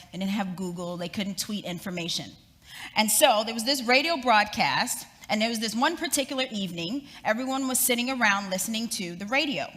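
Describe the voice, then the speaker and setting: Recorded in an echoey event hall, a middle-aged woman with a medium-pitched voice speaks as a guest and tells a story in a lively, dramatic way.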